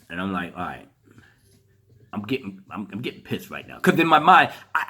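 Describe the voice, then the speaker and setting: A man delivering a heated, profane rant. His voice sits high and bright with a husky edge, and his pitch swings widely as he laughs through his complaints. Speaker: commentary vlogger. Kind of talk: profane ranting commentary.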